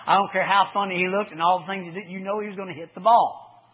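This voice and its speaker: Preacher guy, highish husky voice, folksy storytelling sermon, muffled lo-fi sound. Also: fairly even intonation, fast talker. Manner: folksy storytelling, swings from loud to hushed. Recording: dull lo-fi recording.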